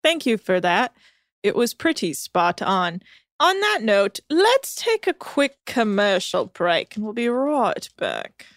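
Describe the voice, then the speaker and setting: A woman's voice: mid-range voice, wildly swooping pitch, slow, no echo, clean studio sound. A woman co-hosting a podcast in casual chat, telling corny jokes with playful mock outrage. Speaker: podcast co-host.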